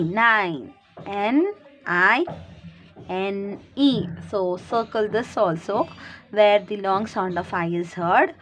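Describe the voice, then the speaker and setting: A woman's voice: mid-range voice, slow pace, a bit bright. A woman, teaching young children and explaining each word again and again, asking questions and answering them herself. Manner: repeats and explains words, asks and answers her own questions. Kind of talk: recorded classroom lesson for young children.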